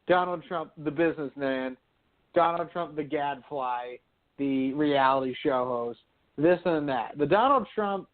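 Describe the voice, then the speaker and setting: Opinionated talk radio guy, higher voice, super sure of his picks, tinny phone sound. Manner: confident, opinionated predictions. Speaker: radio show co-host. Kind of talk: casual sports and politics talk. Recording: phone-line quality audio.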